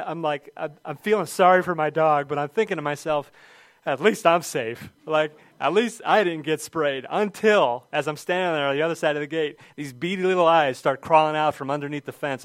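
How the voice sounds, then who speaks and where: Guy pastor doing a sermon, middle-aged, tells stories all excited, dry close mic. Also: on the high side, smooth, no room sound. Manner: storytelling, animated with shouted quotes.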